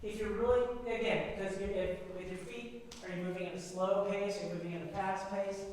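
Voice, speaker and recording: A high-pitched man directs a theater rehearsal, walking actors through breath and character work. He keeps checking in with "right?" as he gives cues. He sounds far from the mic in a big, reverberant hall. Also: fairly even intonation, fairly quick, a little mellow, slight background noise. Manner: instructive, keeps asking "right?". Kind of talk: rehearsal coaching.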